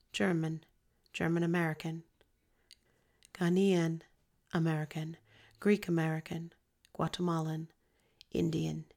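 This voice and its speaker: A woman reading an informational text in a scripted, even, list-like way. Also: on the low side, vocal fry.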